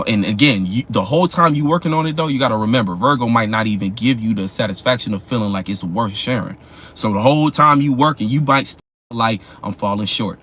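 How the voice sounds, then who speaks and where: A man's voice: fairly low pitch, fairly bright tone, a little hiss or hum. A man giving a casual astrology talk in a loose, profane, slangy way. He often asks "you know what I'm saying" and acts out the people in his examples. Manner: acts out imagined people in quick voices. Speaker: astrology vlogger.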